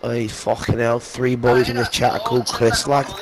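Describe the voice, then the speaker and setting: A man's voice: mid-range voice, flat delivery, normal speed, background noise. Man trash-talking over game gunfire. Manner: mock-tough trash talk, ending lines with "lad". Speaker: gamer in voice chat. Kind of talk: casual gaming banter. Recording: game gunfire under voice chat.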